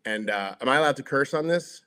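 A middle-aged sports broadcaster tells locker-room stories in a casual chat, acting out the quotes like a lively storyteller and using lots of "like" and other fillers. His voice is mid-range and fairly quick.

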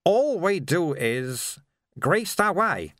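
A man voicing a calm, patient old male monk who speaks in a matter-of-fact way. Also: a little high, slow, no echo, clean studio sound, pitched above the performer's own voice, heavily acted.

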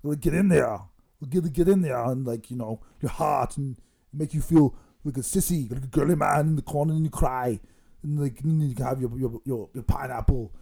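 Guy doing a rambling muscleman bit, gravelly, giggly, jokey threats. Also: medium pitch, moderate pace, warm tone. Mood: boastful. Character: boastful bodybuilder impression, male, middle-aged, menacing-jolly. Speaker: comedy guest in character.

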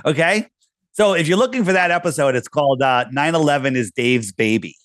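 A man's voice: a little high, fairly quick, a bit bright, no room sound, studio quality. A middle-aged man talking casually as a podcast guest, telling stories and acting out quoted voices. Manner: storytelling, acts out quoted voices. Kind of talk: casual conversation.

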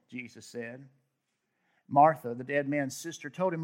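A man's voice: medium pitch, measured pace, pauses often. A man preaching a sermon, reading scripture aloud with emphatic asides. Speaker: pastor.

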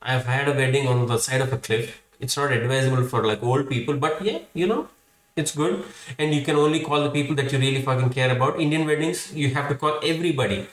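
A young man rants through a comedic monologue with a wry edge, swearing freely. His voice sits at an ordinary middle pitch. It echoes around the room from a mic set some distance away. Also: quick pace, a bit bright. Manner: profane, ranting, wry. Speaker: podcast host.

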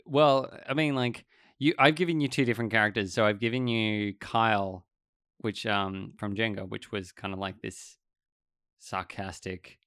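A woman interviewing an actress in a relaxed, laughing chat. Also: very deep voice, moderate pace, no room sound, clean studio sound.

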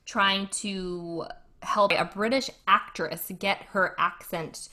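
A woman in her thirties from Rhode Island talks in a bright, forceful voice with her home accent coming through. She chats freely as a podcast co-host and breaks into laughter often. Her pitch sits in a middle range. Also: steady tone, slow pace. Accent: Rhode Island (Cranston). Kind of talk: casual chat.

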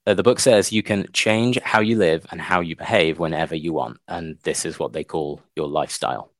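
A man co-hosting a casual podcast chat. He comes across as relaxed and agreeable, mostly backing up his partner and then offering short reflections. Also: low voice, a little fast, no room sound. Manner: relaxed, agreeable listener who reflects briefly. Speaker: podcast co-host. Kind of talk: casual chat about a book.

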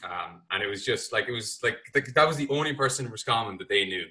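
A man's voice: fairly low pitch, expressive, fast talker, bright, forceful tone, low-quality recording. A young Irish man talking casually as a podcast guest, rambling with lots of fillers and swearing. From Ireland. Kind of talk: casual chat.

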